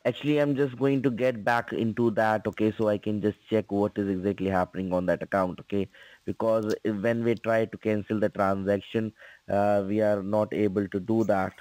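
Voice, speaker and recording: A man's voice: lowish voice, steady tone, moderate pace, a little mellow, no echo. A man on a phone call, insisting in broken English and repeating "sir" and "okay". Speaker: phone scammer.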